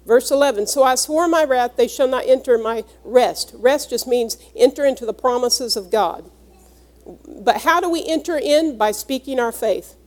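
A woman with a high voice preaches a sermon at normal speed. She reads scripture aloud and, in an earnest teaching manner, explains each word to her congregation.

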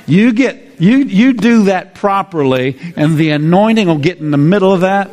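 Casual: man preaching, keeps repeating himself, laughs a lot, kinda high voice. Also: animated, moderate pace, darkish tone, faint music behind. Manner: exuberant, repetitive, laughing preacher. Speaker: pastor. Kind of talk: sermon.

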